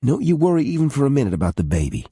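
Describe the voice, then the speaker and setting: A man voicing a gentle, tactful young woman. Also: mid-range voice, wildly swooping pitch, racing, slightly rough, no echo, studio quality, pitched above the performer's own voice, exaggerated voice. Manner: gentle, reassuring. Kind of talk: audiobook character voice.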